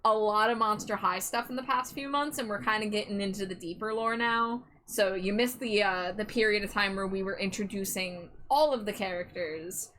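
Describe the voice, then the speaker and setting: A woman hosting a live stream, chatting casually and excitably, swearing freely. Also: mid-range voice, normal speed, few pauses, a little hiss or hum. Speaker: streamer host.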